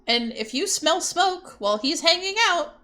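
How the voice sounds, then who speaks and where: A young woman chats casually as she draws on a livestream. She giggles and swears freely. Her voice is bright and rises and falls a lot, with soft music under it. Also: very high-pitched, lively intonation, moderate pace. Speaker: streamer and artist. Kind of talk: casual chat while drawing on stream.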